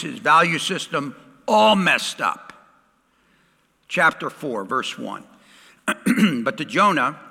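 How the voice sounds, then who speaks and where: A middle-aged male pastor preaching a sermon, swinging dramatically from loud to hushed. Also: a little high, in a large hall.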